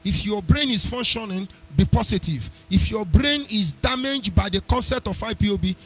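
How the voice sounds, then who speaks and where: Male radio host, high husky voice, combative and mocking, sing-song jabs. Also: expressive, moderate pace, faint music behind. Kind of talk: live internet radio commentary.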